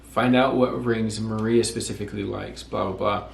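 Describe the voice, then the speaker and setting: A man's voice: on the low side, little pitch movement, moderate pace, creaky. A young man in his twenties casually telling how he and his wife got engaged, rambling and correcting himself as he goes. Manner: rambling, self-correcting, quotes himself often. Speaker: vlogger telling couple's story. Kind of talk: casual storytelling. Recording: echoey room with faint noise.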